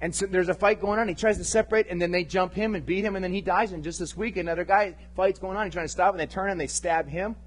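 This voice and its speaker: A male pastor preaching a sermon with passion, swinging between loud emphatic lines and hushed, intimate ones. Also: high voice, steady tone, fast, few pauses, low-quality recording. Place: church service.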